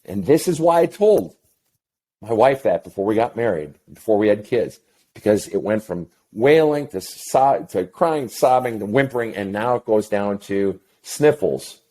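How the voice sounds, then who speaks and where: A middle-aged man, a counselor talking as an interview guest, telling a story in a blunt, profane and animated way. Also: lowish voice, normal speed. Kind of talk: casual interview chat.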